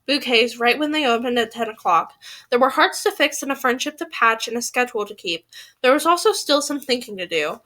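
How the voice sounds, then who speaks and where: A woman's voice: sits high, bright, forceful tone. A woman reading a novel aloud who trips over words now and then and laughs at her own slips. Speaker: audiobook reader.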